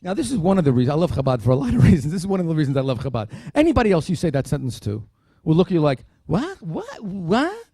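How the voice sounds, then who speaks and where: A man gives a dinner keynote as a lively story, his high voice full of swings in pitch. He acts out the dialogue and drops in jokes as he goes. The sound is close and dry, with no room echo. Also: very fast, hardly any pauses. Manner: animated, acts out dialogue in quotes; humorous asides. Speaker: keynote speaker.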